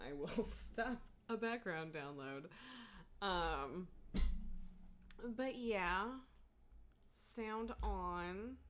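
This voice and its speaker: A woman's voice: fairly low pitch, a bit bright. A woman livestreaming a game, chatting casually from home in a rambling way, full of fillers and frequent laughs. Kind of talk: casual gameplay chat.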